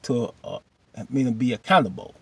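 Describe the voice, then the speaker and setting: A man's voice: mid-range voice, expressive, moderate pace, gravelly, a bit bright, breathy edge, dry recording. A man casually recapping a TV episode, chatty and slangy, rambling with restarts.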